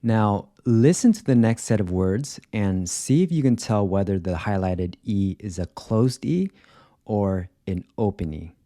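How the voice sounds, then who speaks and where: A man teaching a pronunciation lesson, enunciating each example word carefully in a clear, deliberate voice-over. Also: lowish voice, animated, dark tone, no echo, clean studio sound. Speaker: language teacher.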